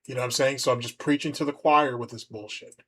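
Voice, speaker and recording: A man's voice: mid-range voice, fairly even intonation, fast talker, sharp tone. A man hosting a livestream, rambling and mocking as he comments on a video. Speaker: streamer host.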